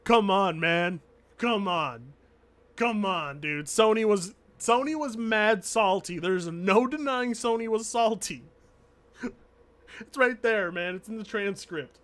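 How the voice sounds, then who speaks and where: Bright-voiced male streamer, emphatic. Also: high-pitched, takes it slowly. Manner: emphatic, repeats points, swears casually. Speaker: streamer reacting to a video. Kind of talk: casual argumentative commentary.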